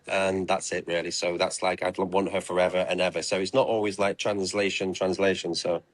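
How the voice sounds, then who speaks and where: Man, low voice, dry close sound, hesitant, lots of ums, interview guest. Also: flat delivery, brisk, few pauses, dry recording. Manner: hesitant, many fillers. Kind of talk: casual interview answers.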